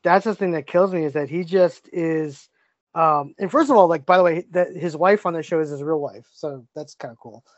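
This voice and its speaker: A man's voice: fairly high pitch, normal speed, dry recording, lo-fi sound. A man hosting a podcast in casual chat, enthusiastic and full of fillers and restarts. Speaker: podcast host.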